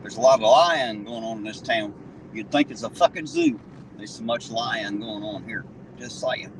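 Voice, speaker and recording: A man's voice: mid-range voice, sing-song, moderate pace, recorded from a distance, noisy background. A man from Southern Ohio with a drawl, hosting a casual livestream chat, blunt and swearing freely. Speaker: livestream host.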